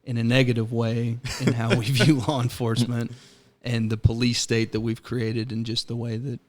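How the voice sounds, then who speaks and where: A man at a middle pitch talks loosely in an easygoing podcast chat. He rambles and restarts, drops swear words freely, and often breaks into laughter. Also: monotone, normal speed, a little mellow. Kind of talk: casual chat.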